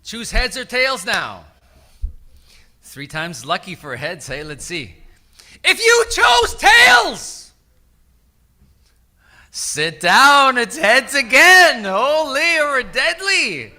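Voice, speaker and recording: Male emcee, high bright voice, slow and lively delivery, crowd instructions in a big hall. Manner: calls out instructions to a crowd, sometimes shouting. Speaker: event emcee. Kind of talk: leading a crowd game at a summit. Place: large indoor event hall.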